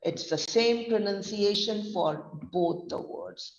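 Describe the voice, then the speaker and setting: A woman pronunciation trainer with an Indian English accent, spelling words out slowly and deliberately in a lesson. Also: mid-range voice. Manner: slow deliberate spelling-out, mixing Hindi. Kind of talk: online vocabulary lesson. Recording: echoey distant lo-fi room mic.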